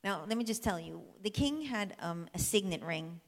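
A woman at a mid-pitched, everyday register tells a Bible story to a congregation, chatty and lively as she pulls her listeners in. Her voice rings out with a long echo through a large hall. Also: moderate pace. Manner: lively and conversational, drawing the listeners in. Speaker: church speaker. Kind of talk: animated Bible storytelling sermon.

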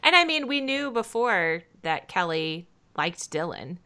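Woman co-host, casual recapper, giggly, lowish pitch, bright tense tone. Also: big pitch swings, unhurried. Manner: giggly, narrates scene by scene. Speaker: podcast co-host. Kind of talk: casual chat recapping a TV episode.

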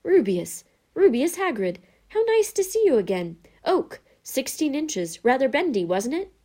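A woman voicing a soft-spoken, eerie old male wandmaker who talks slowly and quietly, then bursts into excitement. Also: medium pitch, lightly acted. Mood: excited.

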